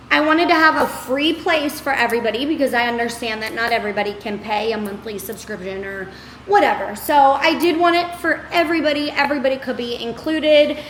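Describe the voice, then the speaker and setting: A woman in her thirties with a twang talks straight to her viewers, upbeat and a little scattered, full of "y'all" and "girl." Her voice sits high. The room rings with echo, and a faint hum of ambience sits underneath. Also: fairly bright tone. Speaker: motivational creator. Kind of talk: casual motivational talk to camera.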